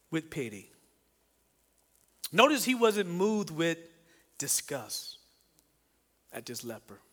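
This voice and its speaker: A man preaching a sermon in an animated way, asking the congregation questions and acting out the voices he quotes. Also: high-pitched, big-room sound. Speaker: pastor.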